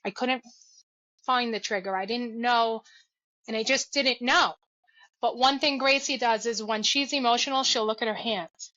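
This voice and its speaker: A woman's voice: a little high, steady tone, normal speed, sharp tone, no echo, dull audio. A woman, a mother, talking earnestly and reflectively as a guest in a casual podcast interview.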